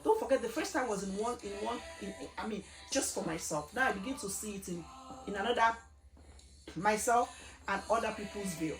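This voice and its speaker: A woman's voice: mid-range voice, lively intonation, a little fast. A woman giving an earnest, emphatic gospel testimony, asking her listeners rhetorical questions. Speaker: gospel speaker. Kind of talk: personal testimony sermon. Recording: echoey room with faint music.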